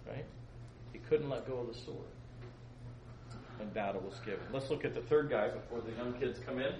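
A man preaching a sermon to young people, animated and joking, swinging between loud outbursts and soft asides. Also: medium pitch, fairly quick, pauses often. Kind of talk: sermon to a youth congregation. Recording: echoey room, faint room noise.

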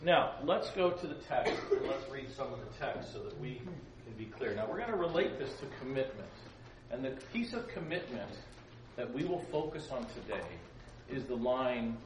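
Male preacher, storytelling sermon, animated, mic set back, roomy echo. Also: medium pitch, normal speed, slight background noise. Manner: animated, acts out voices in his stories. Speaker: pastor leading a Bible study. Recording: roomy, distant mic with faint ambience.

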